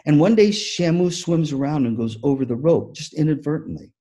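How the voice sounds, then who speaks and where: A man giving a motivational keynote talk on music teaching, an animated storyteller who acts out the story. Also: a little high, a little fast. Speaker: music education speaker.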